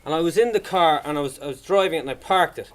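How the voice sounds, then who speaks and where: Animated young comedian, high voice. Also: male voice, quick pace. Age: young adult. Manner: animated storyteller acting out voices. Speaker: stand-up comedian. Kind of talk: stand-up comedy to a young audience. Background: audience laughter.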